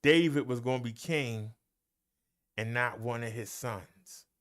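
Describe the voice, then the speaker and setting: A man's voice: mid-range voice, fairly bright tone. A man leading a Bible study as a minister, preaching in an emphatic, folksy way and talking straight to his listeners. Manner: slow, emphatic delivery with long pauses and swooping emphasis.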